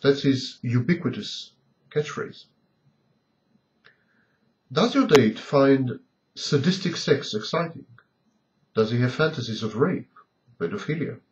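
A man's voice: mid-range voice, expressive, slow, long pauses, a little hiss or hum. A man giving a scripted lecture on abusive partners, asking a long string of pointed rhetorical questions. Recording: dull lo-fi recording.

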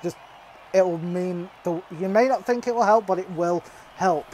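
A woman hosting a casual gaming video, given to excitable exclamations and earnest appeals. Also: fairly low pitch, moderate pace, a little hiss or hum. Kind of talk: casual gameplay chat.

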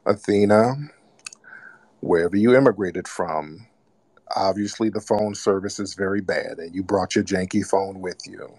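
A man's voice: deep voice, moderate pace, darkish tone, no echo. A man hosting a live call-in broadcast, mocking and scolding a caller. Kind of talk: casual call-in radio talk.

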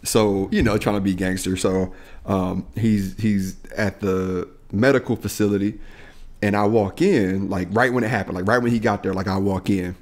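A man's voice: fairly low pitch, steady tone, normal speed, darkish tone. A young man co-hosting a podcast, telling stories in a laid-back way with laughs and casual slang. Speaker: podcast co-host. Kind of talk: casual chat.

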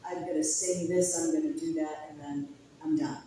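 A woman's voice: low voice, fairly even intonation, normal speed, dark tone, slight background noise. Woman preaching in an echoey hall. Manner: earnest, personal, laughs at herself. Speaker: guest pastor. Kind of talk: conference sermon. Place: church hall. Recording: echoey hall, distant mic.

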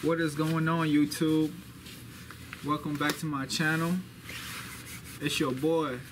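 A man's voice: on the high side, flat delivery, slow. Hyped young man vlogging, noisy room. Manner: boastful, repeats phrases for hype. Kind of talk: casual hype vlog. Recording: noisy background.

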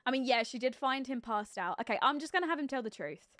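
A woman streaming a life-sim game live, chatting casually and thinking aloud, with sudden excited outbursts. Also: sits high, fast, dry recording, studio quality. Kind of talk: live gameplay commentary.

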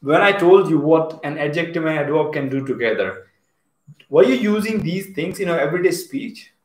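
Indian English teacher, male, a bit high-pitched, chatty, reads out viewer comments, echoey room. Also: expressive, normal speed. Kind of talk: live online class.

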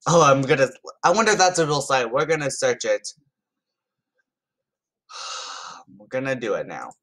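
Amused and chatty, a YouTuber reads text messages aloud with loose, unscripted commentary, frequently stumbling over words and starting sentences again. He has a mid-range, fairly bright voice with big pitch swings and speaks a little slowly.

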